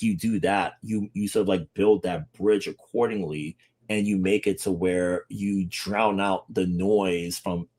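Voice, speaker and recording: A man's voice: deep voice, a little mellow. A man co-hosting a casual livestream discussion, talking in a loose, rambling way, hedging with fillers as he goes. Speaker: podcast co-host.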